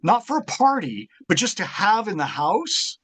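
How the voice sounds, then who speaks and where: Brief: male guest, husky, meandering anecdotal storyteller. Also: high voice, wildly swooping pitch, fairly bright tone. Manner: rambling storyteller, halting with fillers and restarts. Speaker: guest martial arts author. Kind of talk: casual interview chat.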